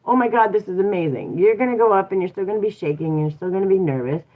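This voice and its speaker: A woman hosts a casual motivational talk, encouraging listeners and posing rhetorical questions. Her voice is medium-pitched with lively intonation and a quick pace, and it sounds tinny, like it came through a phone.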